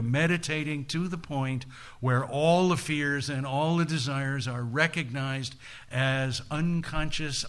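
A man giving a humorous storytelling lecture, playful and deliberate with folksy asides. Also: mid-range voice, fairly bright tone.

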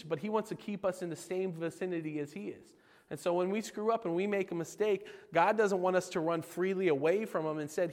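A man preaching an informal, jokey sermon as a youth pastor, asking his listeners questions as he goes. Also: high voice. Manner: animated, jokey, asks the audience questions. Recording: long reverb of a hall.

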